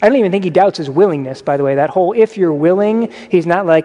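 A man delivers a sermon in a loose, conversational style and breaks into lively asides. His voice sits high for a man. It rings through a church hall with a long reverb tail. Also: quick pace. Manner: conversational preaching with animated asides. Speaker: pastor. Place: church sanctuary.

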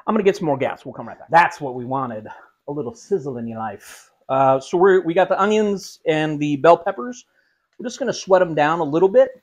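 A man's voice: fairly high pitch, lively intonation, brisk. A man hosting a casual cooking vlog in a home kitchen, who cracks self-mocking jokes while he cooks. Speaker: cooking show host.

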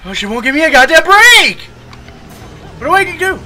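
A young man commentating a horror game, hoarse from screaming, who yells and swears at scares and mutters between them. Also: very high-pitched, big pitch swings, normal speed, slight background noise. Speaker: gaming video host.

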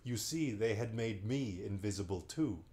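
A man's voice: on the low side, animated, normal speed, darkish tone, natural voice. A man doing a sleepy old magician. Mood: genial. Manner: genial, chatty, drowsy. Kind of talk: bedtime story reading.

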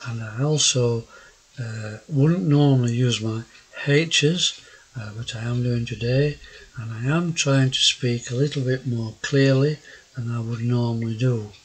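An older man with a South Yorkshire accent talks slowly in a husky voice. His delivery is gruff, rambling and hesitant, full of fillers and false starts as he narrates his own nature vlog. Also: mid-range voice, low-quality recording. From South Yorkshire, England. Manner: hesitant, many fillers and restarts; gruff-sounding. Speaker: naturalist vlogger. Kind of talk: casual rambling narration over photos.

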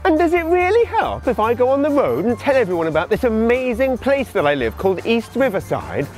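A man's voice: very high voice, sing-song, a little fast, darkish tone, faint music behind. An English man doing a sarcastic, exasperated comic monologue as a comedian. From England.

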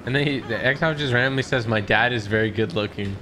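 A man's voice: medium pitch, fast, noisy background. A man hosting a casual gaming livestream, joking around, scatting nonsense syllables and yelping when surprised. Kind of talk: casual gaming stream chat.

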